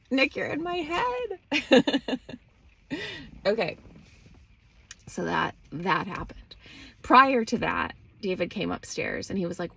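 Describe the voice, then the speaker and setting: A woman's voice: mid-range voice, creaky, sharp tone, slightly rough, no echo. A woman podcast host candidly recounting a personal story in casual, profane speech and acting out the dialogue.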